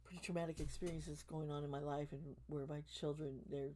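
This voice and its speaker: Hoarse lady losing her voice, lowish pitch, rambly emotional chat to her members, swears when she gets worked up. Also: flat delivery, brisk, mellow, a little hiss or hum. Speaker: tarot reader and channel host. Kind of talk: casual chat to channel members.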